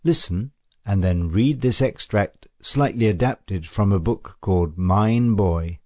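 Man reading a textbook story extract aloud; very slow, measured delivery and a low voice. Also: a little mellow, dry recording, clean studio sound. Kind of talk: scripted story reading for a lesson.

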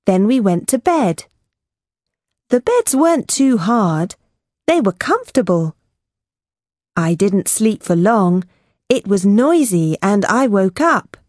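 A woman narrating a child's story for an English lesson, reading slowly, clearly and expressively into a close studio mic. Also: medium pitch, a little mellow, dry recording. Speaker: textbook audio narrator.

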